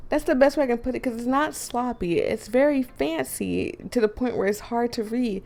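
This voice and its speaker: A woman's voice: fairly high pitch, moderate pace, gravelly, hardly any pauses, a little mellow. A young woman streamer giving casual let's-play commentary, chatty and giggly, reacting aloud as she reads. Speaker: gaming streamer.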